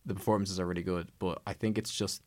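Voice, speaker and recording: A man's voice: low-pitched, level tone, fast. A man hosting a podcast, chatting casually about films in a rambling way and acting out quotes. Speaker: podcast host. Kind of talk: casual film discussion.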